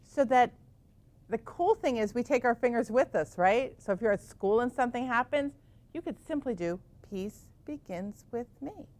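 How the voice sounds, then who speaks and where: A woman teaching yoga to children in a gentle, encouraging way, asking them lots of questions. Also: a little high, lively intonation, normal speed.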